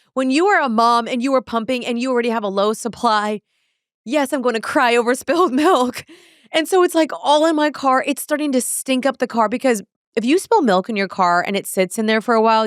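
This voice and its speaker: Animated young woman retelling a stressful day. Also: a little high, smooth, no echo, studio quality. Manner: animated, breathless retelling with acted-out inner quotes; fillers "like" throughout. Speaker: podcast host. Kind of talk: casual storytelling monologue.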